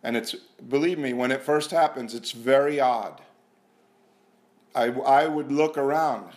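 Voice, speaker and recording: A man giving an earnest, self-mocking personal testimony at a recovery meeting, repeating himself and sometimes dropping to a hushed voice. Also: medium pitch, a little slow. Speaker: speaker sharing at a recovery meeting. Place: meeting room.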